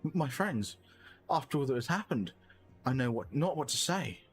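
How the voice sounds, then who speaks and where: A man's voice: mid-range voice, big pitch swings, moderate pace, soft background music, close to an everyday voice. A man reading as a solemn young elf leader. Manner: formal, solemn, remorseful. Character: earnest formal young male elf scholar-leader. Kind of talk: reading game dialogue aloud.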